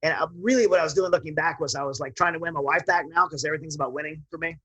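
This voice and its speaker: A man's voice: on the high side, racing, crowd noise, poor audio. A man, a military veteran guest, telling his personal story in an earnest, rambling way with frequent restarts.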